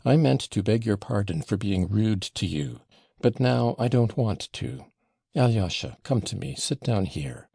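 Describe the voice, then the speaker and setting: A man's voice: fairly low pitch, very animated, unhurried, vocal fry, dark tone, slightly rough, no echo, studio quality, heavily acted. A man reading an audiobook voices a passionate, wounded young woman, talking in a raised, emotional way that swings from tender to scornful. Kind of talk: audiobook character voicing.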